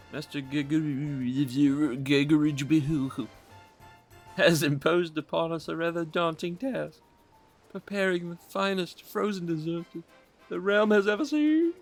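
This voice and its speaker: A man's voice: a little high, fairly bright tone, full character voice. A man putting on a fussy, theatrical festival helper. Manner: theatrical, drifting into a loose Aussie-style "mate" accent. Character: fussy festival helper with a wobbly put-on accent. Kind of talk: reading game dialogue aloud in character. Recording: faint game music behind.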